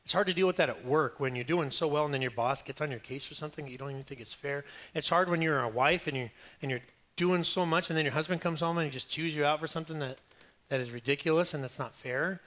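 Bright, lively male preacher. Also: on the high side. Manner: animated storytelling, acting out quotes, rising loud at climaxes; conversational and humorous. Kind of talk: sermon.

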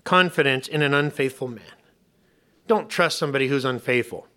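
A man preaching a sermon as a pastor and hospice chaplain, conversational and humorous, going soft and quiet on serious points. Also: medium pitch, normal speed.

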